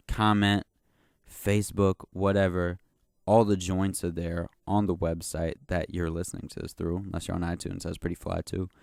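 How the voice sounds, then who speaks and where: Deep-voiced young man ranting on his podcast. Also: a little mellow, dry recording, studio quality. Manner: slangy, profane, boastful storytelling; rambling, keeps saying "you know what I'm saying". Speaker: podcast host. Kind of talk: casual solo podcast rant.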